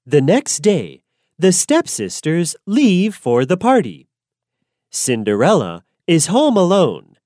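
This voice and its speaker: Low-voiced woman reading a children's story for learners; slow, deliberate, very melodic. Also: dark tone, no room sound, studio quality. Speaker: narrator.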